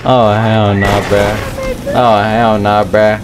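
A young man commenting on his own gameplay, talking in slangy, excitable, rambling trash talk. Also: fairly low pitch, slow pace, soft background music. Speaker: gaming YouTuber.

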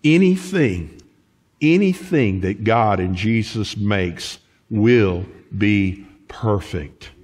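A man's voice: fairly low pitch, slow, breathy edge. A middle-aged man, preaching a folksy sermon as pastor of his church. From United States. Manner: lively, folksy preaching with laughs and quoted asides. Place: church sanctuary.

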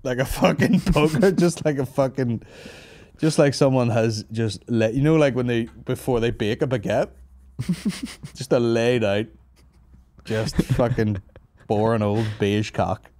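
A man's voice: medium pitch, unhurried, mellow, no echo. A man hosting a comedy podcast, rambling and swearing as he jokes crudely with his co-host.

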